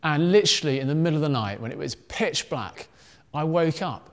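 A man with a slightly high voice leads a family worship talk for children, telling the story with animated voices. His words ring out in a reverberant church hall with a long echo. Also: fairly quick.

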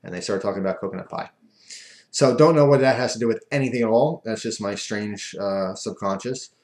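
Male vlogger, low-ish voice, loose rambling storyteller, echoey room sound. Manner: rambling, loose and self-amused. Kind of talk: casual storytelling.

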